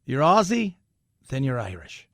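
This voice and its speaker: A man's voice: mid-range voice, big pitch swings, a little slow, no echo, clean studio sound. A man hosting a talk radio show, riffing casually with wry, sarcastic asides and the odd laugh.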